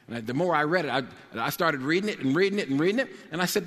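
A man preaching a sermon with rising passion, building up to shouted declarations. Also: a little high, expressive, very fast, hardly any pauses. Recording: long hall reverb.

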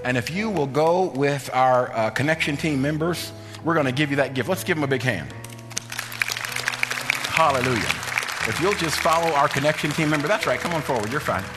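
A man preaching a sermon in a church, with an emphatic, repetitive cadence that often breaks into shouting, then leading prayer and an altar call. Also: fairly high pitch, brisk, crowd noise. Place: church sanctuary. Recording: long church reverb with faint music.

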